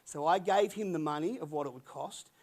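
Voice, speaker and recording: A man preaching in a chatty storytelling manner, his slightly high voice carrying a gravelly fry. He rambles, restarts his phrases and acts out bits of dialogue as he goes. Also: brisk. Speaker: pastor. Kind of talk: anecdotal sermon storytelling.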